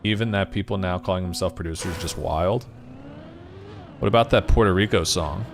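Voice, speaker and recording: Deep-voiced man streaming a racing game. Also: brisk, a little hiss or hum. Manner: chatty, rambling, talks to chat. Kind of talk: casual live-stream chat while gaming. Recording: game music loud behind voice. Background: game music and car sounds.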